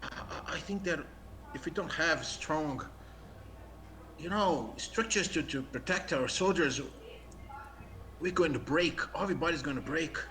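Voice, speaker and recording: A man's voice: fairly high pitch, animated, fairly bright tone, poor audio. A man voicing a nervous young male soldier who stammers and hesitates while speaking to his officer. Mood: worried. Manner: halting, stammering.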